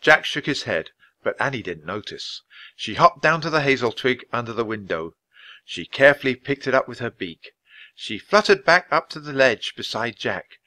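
Man, storybook reader, bright tone, animated pitch, clear, measured, expressive. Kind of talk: reading a children's book aloud.

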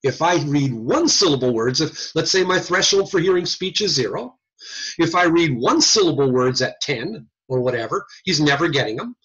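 Folksy male lecturer, animated pitch, husky tone, lo-fi call audio. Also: normal speed. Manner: lively, folksy teaching with slang. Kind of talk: recorded online lecture. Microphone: computer mic on a video call.

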